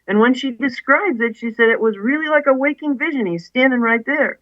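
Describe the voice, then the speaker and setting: A woman's voice: high-pitched, brisk, no room sound, lo-fi sound. A woman, an author guest, earnestly retelling a story in an interview, with many asides.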